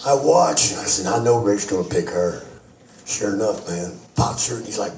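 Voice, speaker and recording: A man's voice: fairly low pitch, lively intonation, fairly quick, a little mellow. A man telling a crude, rambling anecdote to a group, swearing and laughing often. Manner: profane, laughing, rambling storyteller. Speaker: storyteller. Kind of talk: crude anecdote told to an audience. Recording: echoey room from far off, crowd behind.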